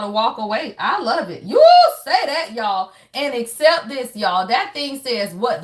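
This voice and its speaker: A woman's voice: high-pitched, a bit bright, slight background noise. A woman giving a casual spiritual tarot reading. She is blunt and profane, talks straight to her viewers, and keeps checking in with emphatic tag questions. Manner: blunt and profane, constantly addressing viewers directly. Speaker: tarot reader.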